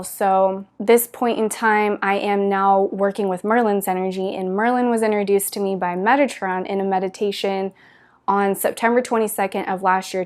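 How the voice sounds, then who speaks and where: A woman's voice: medium pitch, darkish tone. Earnest woman telling a spiritual story. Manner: earnest, gushing storytelling with many "like" fillers. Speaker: spiritual teacher. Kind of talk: spiritual talk to viewers.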